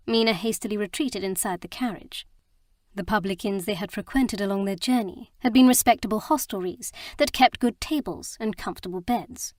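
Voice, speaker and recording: A woman narrating a romance audiobook with a steady storytelling delivery. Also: mid-range voice, dry recording, studio quality.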